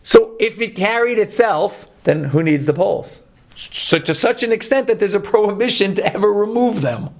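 A man with a Brooklyn accent teaching a Torah class, lively, joking and putting questions to his students. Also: high voice, moderate pace, vocal fry.

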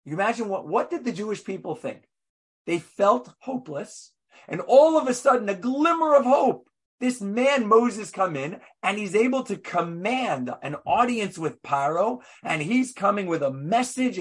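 A high-voiced man preaching a sermon as a rabbi. He tells the story with animated flair, firing rhetorical questions and shifting from loud bursts to hushed asides. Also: slightly rough. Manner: swings between loud and hushed.

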